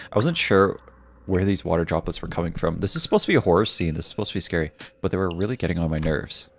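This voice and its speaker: A man streaming a game, reading its story text aloud in a hushed, low-key voice with musing asides.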